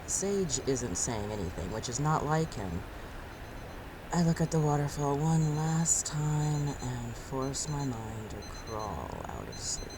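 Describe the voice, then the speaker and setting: An actress playing a weary captive woman held by aliens, narrating her own story in the first person with a measured, often quiet and inward delivery. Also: rumbling low, full character voice. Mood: weary, reflective. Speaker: narrator and lead character. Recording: steady background ambience noise.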